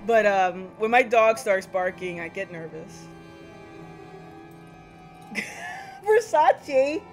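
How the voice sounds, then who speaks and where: Slow-talking woman streamer chatting. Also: mid-range voice, lively intonation, soft background music. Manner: chatty, giggly, self-talking. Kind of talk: casual gameplay commentary.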